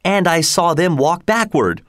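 A man's voice: on the high side, animated, unhurried, fairly bright tone, no room sound, clean studio sound, voice pushed up. A man voicing a suspicious male theater secretary who presses his colleagues with insistent, accusing questions. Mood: agitated.

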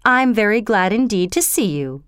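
A woman voicing a stern, kindly older society mother with a sharp, scolding way of speaking, in a storybook reading. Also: medium pitch, sing-song, normal speed, clear, resonant tone, dry recording, clean studio sound.

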